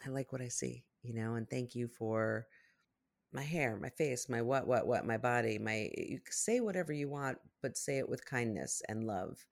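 A woman co-hosting a casual chat, giving gentle, encouraging self-care advice. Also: rumbling low, moderate pace, gravelly. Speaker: podcast co-host.

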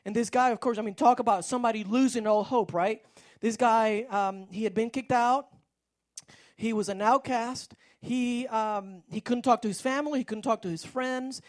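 A woman's voice: fairly high pitch, moderate pace. A woman preaching a sermon, telling a story in a rambling way with frequent restarts.

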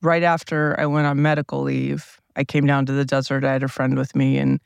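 A man's voice: mid-range voice, completely flat delivery, vocal fry, clean tone, no echo, clean studio sound. A man with a groggy morning voice, rambling casually through a solo podcast while seated at a table inside a parked RV. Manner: rambling, unhurried, self-questioning. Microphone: small plug-in mic powered by a tablet.

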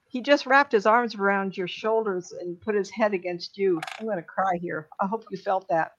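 A middle-aged woman, a psychic medium, giving readings on a live stream in an emotional, chatty way with many fillers and pauses. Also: mid-range voice. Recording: dull lo-fi stream audio.

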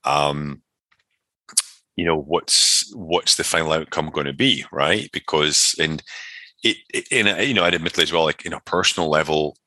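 A man's voice: extremely low pitch, moderate pace, pushed and bright, no room sound. A man, a personal trainer, telling his story as an interview guest in a rambling way, full of fillers and restarts.

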